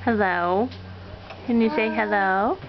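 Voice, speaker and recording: Mother, sing-song baby talk, unhurried and coaxing, dull lo-fi home video with faint hiss. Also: mid-range voice, a crowd in the background. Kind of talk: home video talking to a toddler.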